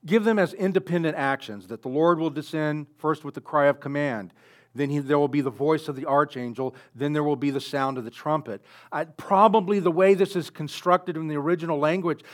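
A man preaching a sermon in an earnest way, building up loudly on key phrases. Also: on the high side. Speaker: pastor.

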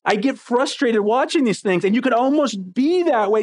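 A man preaching a sermon in an animated, expressive way, swinging between excited bursts and quiet, hushed passages. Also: extremely high pitch, moderate pace, hardly any pauses. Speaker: pastor.

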